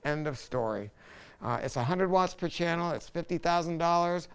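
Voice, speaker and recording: A man's voice: a little high, expressive, moderate pace, clean tone. A man hosting a casual hi-fi product talk, rambling and enthusiastic, often stopping and restarting his sentences. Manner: rambling, enthusiastic, self-interrupting. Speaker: hi-fi dealer host.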